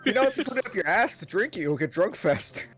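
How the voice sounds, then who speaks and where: A man's voice: high voice, very animated, quick pace, a bit bright, soft background music. A man player in a casual game chat, teasing and swearing as he tells stories.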